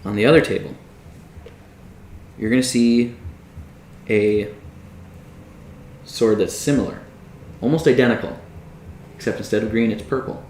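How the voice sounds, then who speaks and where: A man running a tabletop game as dungeon master, narrating scenes in a low, hushed storytelling voice. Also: measured pace, pauses often, echoey room, a little hiss or hum, low-quality recording.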